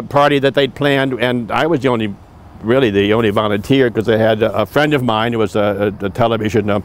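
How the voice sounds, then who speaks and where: A man in his seventies telling old stories in a rambling way, with many restarts and asides. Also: medium pitch. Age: 70s. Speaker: returned volunteer telling stories. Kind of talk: oral history storytelling.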